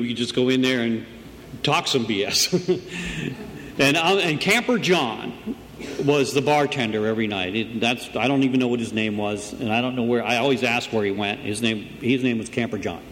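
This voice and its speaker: A man's voice: medium pitch, a little fast, fairly bright tone. A middle-aged man speaks to a group at a meeting and tells his story of getting sober in a loose, conversational way. He often checks in with "right?" as he goes. His voice carries a long room reverb over a faint background hum. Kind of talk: personal recovery story told to a group.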